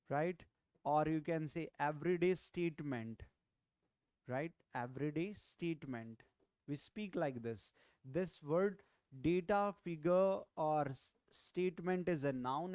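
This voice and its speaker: A man's voice: fairly high pitch, darkish tone, no room sound. A man with an Indian English accent teaches vocabulary in an online lecture, often repeating key phrases and asking "right?" to check in. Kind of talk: online exam-prep lecture.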